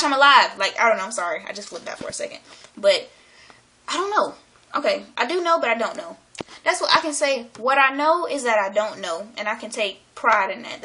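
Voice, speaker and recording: Vlogger woman, excitable rambling delivery, slangy, bright and a bit high. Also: slight background noise. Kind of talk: casual monologue to camera. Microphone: camera.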